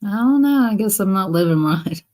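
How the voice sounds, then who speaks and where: A woman chatting casually on a live stream, wandering from one story to the next. She laughs often at her own tales, and her voice sits at an ordinary middle pitch. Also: expressive, moderate pace, a little mellow.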